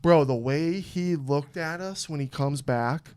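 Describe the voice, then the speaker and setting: A young man hosting a podcast, telling a story in a lively, animated way, swearing often and acting out what people said. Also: on the high side, measured pace, clean tone. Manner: animated, swearing, acts out quotes. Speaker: podcast host. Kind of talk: casual storytelling chat.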